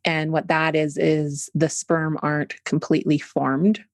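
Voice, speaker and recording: A woman's voice: low voice, flat delivery, unhurried, dry recording, studio quality. A Canadian woman in her forties, a podcast guest talking openly and explaining each step, with a slight tickle in her throat. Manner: open, candid, explains step by step. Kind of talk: conversational interview.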